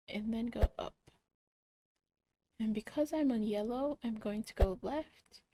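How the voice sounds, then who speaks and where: A young woman slowly talking kids through a coding puzzle, muttering each step and cheering when it works. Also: on the high side, background noise. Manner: cheerful, muttering steps aloud, excited yays. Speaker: coding club instructor. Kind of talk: slow think-aloud coding walkthrough for kids.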